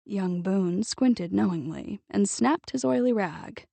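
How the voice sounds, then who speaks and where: Gravelly-voiced woman narrating a novel. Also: medium pitch, no echo. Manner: measured, even storytelling. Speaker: audiobook narrator. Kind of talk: scripted narration.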